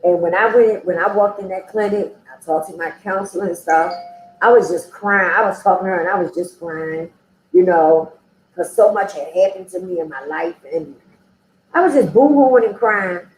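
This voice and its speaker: A woman's voice: on the low side, moderate pace, slight background noise. A woman frankly telling her own story as an interview guest, in a loose, conversational way. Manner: frank, conversational, with frequent "you know". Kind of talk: candid personal storytelling. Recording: roomy echo.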